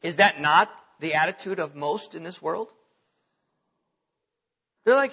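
A man's voice: on the high side, unhurried, pauses often, sharp tone, husky, muffled recording. A man preaching a sermon as pastor, reading scripture aloud with bursts of emphasis.

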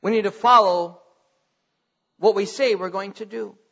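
A man's voice: high voice, steady tone, unhurried, creaky, a bit bright, long reverb tail, lo-fi sound. A man, a pastor, preaching a sermon to his congregation in a conversational way, growing emphatic as he retells scripture.

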